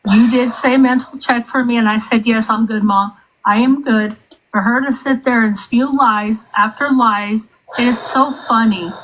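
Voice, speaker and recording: A woman's voice: fairly high pitch, steady tone, moderate pace, a bit bright, a little hiss or hum, rough recording. A woman in a heated, defensive argument on a livestream, swearing and repeating herself. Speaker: livestream participant.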